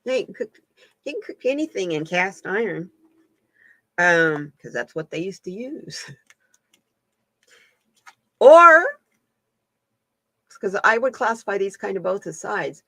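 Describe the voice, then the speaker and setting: A woman's voice: medium pitch, sing-song, slow pace, pauses often, sharp tone, no room sound. A woman hosting a casual live-stream chat as a card reader, folksy and laughing often.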